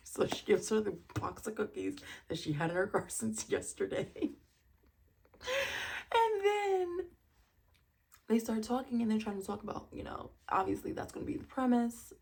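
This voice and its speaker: A woman casually recapping a reality TV episode, chatty and quick to laugh, with incredulous asides. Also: on the high side, big pitch swings, vocal fry, a little mellow, husky.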